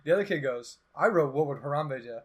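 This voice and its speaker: A young man hosts a podcast and tells a long story in loose, casual chat. His voice sits a little high, and he gets animated and sarcastic whenever he acts out what other people said. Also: fairly quick, slightly rough. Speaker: podcast host.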